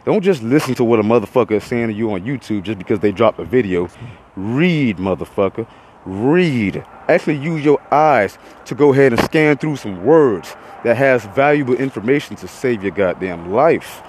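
A man's voice: mid-range voice, a little mellow, a little hiss or hum, rough recording. Heated, profane man ranting on a podcast. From Florida, USA. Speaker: podcast host. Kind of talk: profane rant monologue.

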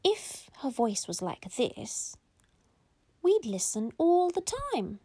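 A woman voicing an eager young boy in a children's story, raising her pitch. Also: very animated, slow pace, mellow, slightly rough, no echo, heavily acted.

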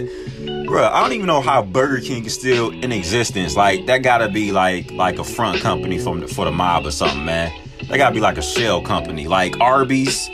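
A man hosting a podcast, ranting for comedy in slangy talk with exaggerated mock outrage. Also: mid-range voice. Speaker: podcast host. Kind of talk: comedic solo rant.

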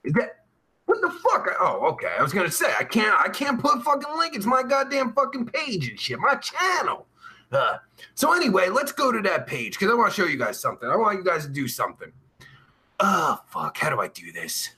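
High, husky, crude-talking man. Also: huge pitch swings, fairly quick, bright, forceful tone. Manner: rambling and heavily profane; jokey and crude. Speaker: podcast host. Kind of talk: live-streamed casual chat, reading viewer comments.

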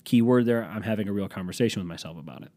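Rambling, self-mocking man with a low voice. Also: racing, dark tone, dry recording. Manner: rambling, self-deprecating, profane, jokey. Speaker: podcast host. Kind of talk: solo podcast monologue.

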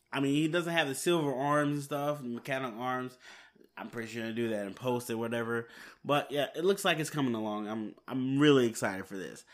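A man's voice: mid-range voice, fairly bright tone. A man hosting a casual solo podcast from home late at night, rambling and sounding tired. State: hiccups. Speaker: podcast host.

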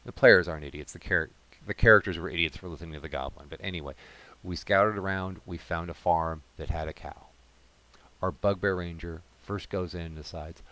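A man casually telling a funny story about his tabletop game character, animated, with comic asides. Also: low-pitched, no echo.

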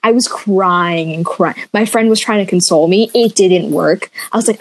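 A woman's voice: fairly low pitch, normal speed, few pauses, slight background noise. A young woman co-hosting a podcast, chatting casually and telling childhood stories with giggles. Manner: giggly, animated storytelling. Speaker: podcast co-host. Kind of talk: casual chat.

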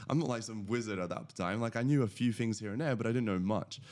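Low-voiced British man telling his story. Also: quick pace. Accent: British English. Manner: rambling, self-correcting, animated when retelling. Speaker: podcast guest, agency founder. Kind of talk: casual storytelling interview.

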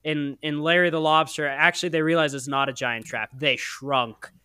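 A young man spins an off-the-cuff spooky tale, his voice bright and crisp and a little high, recorded dry and close. He rambles, corrects himself and drops jokey asides as he goes. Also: fairly even intonation, normal speed, no echo. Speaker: host and storyteller. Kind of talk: improvised storytelling.

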